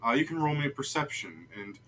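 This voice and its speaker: A man's voice: mid-range voice, sing-song, quick pace, bright, forceful tone, slight background noise, low-quality recording. A man running a tabletop game as game master, narrating in a casual, joking, loose way.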